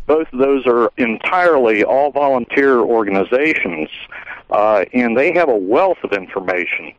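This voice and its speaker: A male caller phoning into a talk radio show, measured and hesitant with frequent pauses. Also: medium pitch, dry recording. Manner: measured, hesitant with many uhs. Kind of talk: phone-in comments. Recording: dull phone line.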